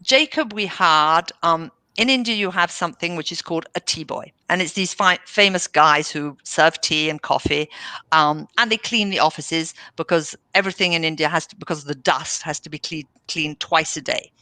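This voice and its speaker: An enthusiastic woman guest on an interview podcast, telling stories in a bright, forceful voice. She slips into the voices of the people she quotes. The sound is dry and close, with little room echo. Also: low voice, moderate pace. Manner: enthusiastic, animated, acts out quoted dialogue. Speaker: managing director, podcast guest. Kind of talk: casual interview storytelling.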